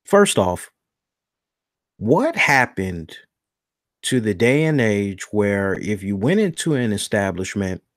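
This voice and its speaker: A man in his thirties hosting a podcast, telling a story in a casual rant, acting out the people in it with big jumps in pitch and some swearing. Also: slow, long pauses, no room sound, studio quality. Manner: animated, acts out quoted dialogue with big pitch jumps, swears. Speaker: podcast host.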